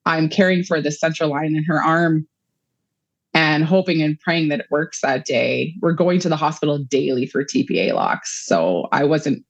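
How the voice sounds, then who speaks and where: A woman in her thirties talks through a long personal story, wandering and filling pauses with "um" and "like." Her voice sits low for a woman. The sound is dry and slightly muffled, with no room in it. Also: no room sound. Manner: rambling, emotional storytelling with many fillers. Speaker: guest, mother of a child patient. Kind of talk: conversational interview.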